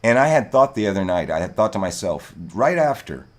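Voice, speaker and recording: A man's voice: on the low side, sing-song, brisk. A man hosting a livestream, ranting heatedly in casual chat and swearing often. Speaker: livestream host. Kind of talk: casual political rant.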